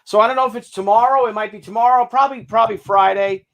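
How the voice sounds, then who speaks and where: Guy rambling fast w/ lots of ums, high voice. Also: steady tone, a crowd in the background. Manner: rambling with many fillers. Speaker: guest. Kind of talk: casual chat.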